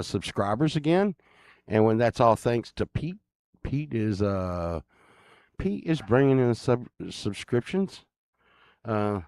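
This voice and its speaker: Slow, rambling man with a lively voice. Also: lowish voice, clean tone, no room sound, clean studio sound. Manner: rambling and crude, with a joking grumble. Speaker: channel host. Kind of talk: casual rambling chat to viewers.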